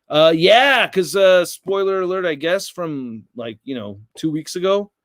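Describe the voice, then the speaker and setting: This is an American man hosting a casual livestream, talking loosely and rambling through viewer comments. His voice sits a bit higher than most men's. The sound is dry and close, with no room echo. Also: animated, measured pace. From United States. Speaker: livestream host.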